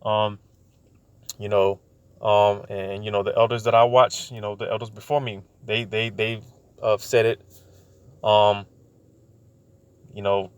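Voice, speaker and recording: Guy preaching informally, stumbles a lot, repeats words, reads verses slow. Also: fairly low pitch, little pitch movement, smooth, no echo. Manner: halting, many fillers and repeated words; slows down to read scripture aloud. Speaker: bible teacher. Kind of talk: informal bible teaching.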